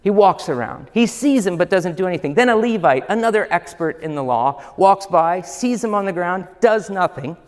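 A man's voice: high voice, animated, normal speed, hardly any pauses. A man, a pastor preaching a sermon in a church hall, emphatic and full of rhetorical questions. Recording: long hall reverb.

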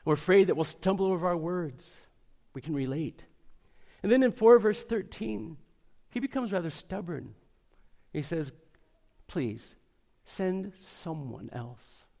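A man preaching a sermon, earnest, slowing down and speeding up for emphasis. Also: high-pitched, expressive, creaky. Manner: earnest, varies pace and loudness for emphasis. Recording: long hall reverb.

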